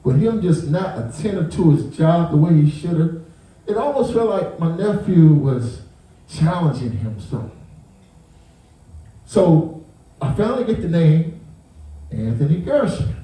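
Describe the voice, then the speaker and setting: At a measured pace with long pauses, a high-leaning male voice belongs to a victim's uncle telling a moving story. He animatedly reenacts the scene, breaking off to restart and repeat words. His voice comes from far off in a very echoey recording.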